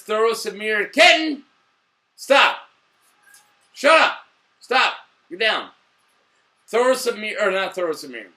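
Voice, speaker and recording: Excitable tipsy young man, bright voice. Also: fairly high pitch. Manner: excitable, swearing, bursts into shouts. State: a little drunk. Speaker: show host reviewing TV. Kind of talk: casual video review.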